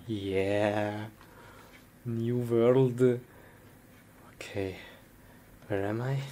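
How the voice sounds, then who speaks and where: Low-voiced woman with broken English, noisy recording. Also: wildly swooping pitch, extremely slow, long pauses. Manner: simple broken English, swings between muttering and wild shouting. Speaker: comedy sketch performer. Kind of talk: comic skit with self-talk.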